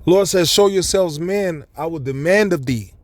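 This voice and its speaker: A man's voice: on the high side, normal speed, dry recording. A man preaching a blunt, profane, scolding street sermon to his listeners.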